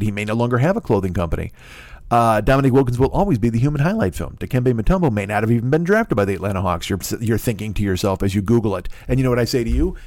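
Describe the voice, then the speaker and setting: A man's voice: mid-range voice, no room sound, clean studio sound. Profane ranting male podcast host. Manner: profane, sarcastic, rambling; animated storytelling. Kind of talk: comedic podcast rant.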